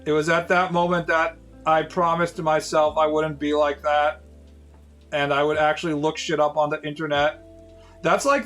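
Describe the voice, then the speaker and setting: A man's voice: a little high, a bit bright. A man in his late thirties, a streamer casually telling rambling, profane stories to his viewers with lots of fillers. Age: 30s.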